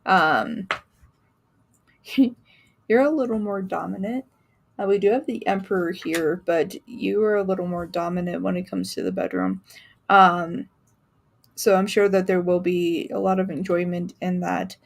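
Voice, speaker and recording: Gravelly-voiced woman reading tarot live. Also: fairly low pitch, steady tone, unhurried. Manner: chatty, laughing, many fillers. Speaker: tarot reader.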